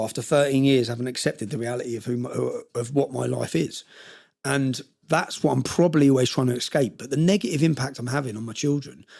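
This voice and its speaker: Man, interview guest, gravelly and rapid, emotional rambling storyteller. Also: mid-range voice, a little mellow. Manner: passionate, rambling with restarts.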